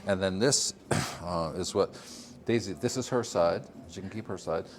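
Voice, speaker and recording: An older man from Vermont leads a relaxed tour of his greenhouse, talking in a low voice. He rambles through long explanations, full of fillers and easy chuckles. A faint hiss of background noise sits under the recording. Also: moderate pace. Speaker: farmer giving a tour. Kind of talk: casual walking-tour interview.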